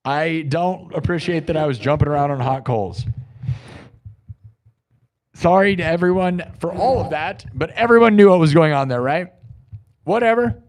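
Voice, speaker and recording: A young man hosting a live music stream, ranting and mocking his chat, swinging between shouting and muttering. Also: on the high side, moderate pace, pauses often.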